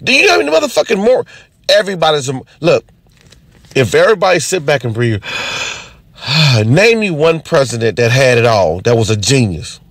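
A man's voice: mid-range voice, moderate pace, creaky, long pauses, dry recording. A man doing an unscripted, profane comedy rant as a stand-up comedian. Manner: profane, animated, ranting.

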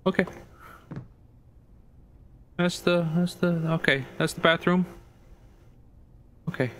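A man's voice: high-pitched, steady tone, slow, fairly bright tone, slight background noise. A man giving nervous, profanity-laden commentary while playing a horror game, talking to his viewers. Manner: nervous, jumpy, swears a lot. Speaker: gaming video creator.

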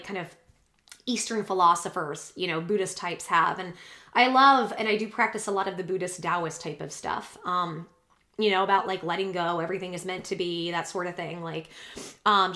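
A woman vlogger speaks to her audience in a rambling, heartfelt way. She sounds close to tears, and her voice wavers as she talks. Her pitch sits at a middling level for a woman. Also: pushed and bright. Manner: tearful, rambling, earnest. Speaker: YouTuber. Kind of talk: emotional confessional vlog.

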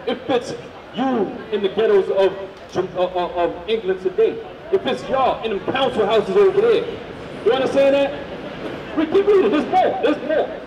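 A man street preaching, loudly firing questions at the crowd and drilling his points home. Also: high voice, lively intonation, normal speed, lo-fi sound. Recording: echoey, from far off.

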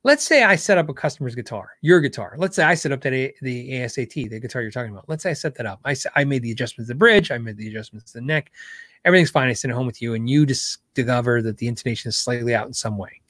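A man's voice: medium pitch, animated, very fast, fairly bright tone, dry recording, studio quality. A middle-aged man hosting a casual live Q&A show, explaining guitar setup in a conversational way as a guitar tech.

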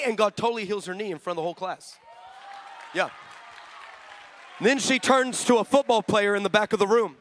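A male pastor preaching a sermon, telling stories with lively energy, acting out the people in them, and bursting into shouts. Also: sits high, normal speed, long pauses, a faint crowd. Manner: acts out the people in his stories.

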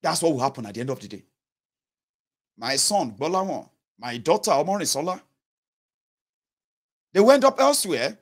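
Nigerian man in his 30s, Yoruba accent, fairly high voice, earnest pleading commentary to camera. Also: very animated, normal speed, pauses often. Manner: earnest, pleading, code-switching into Pidgin and Yoruba. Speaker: political commentator. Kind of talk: impassioned direct-to-camera monologue.

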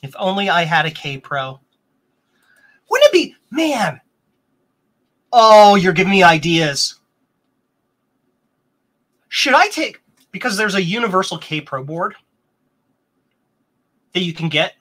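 A rambling, chatty man hosts a casual live stream with a bright, forward tone. He wanders between explanations and viewer comments, and now and then his pitch jumps up with excitement. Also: unhurried, pauses often. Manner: excitable, bursts into higher pitch. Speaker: host of a vintage computer stream.

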